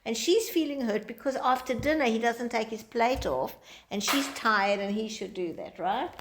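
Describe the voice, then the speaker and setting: A woman's voice: fairly high pitch, normal speed. A woman teacher giving an informal lecture to a small group, talking conversationally and acting out quoted dialogue in different voices.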